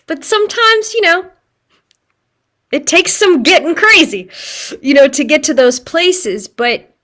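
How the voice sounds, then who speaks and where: A middle-aged woman teaching an acting class, chatty and animated, laughing often as she explains. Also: high voice. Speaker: acting coach. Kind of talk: live online acting class.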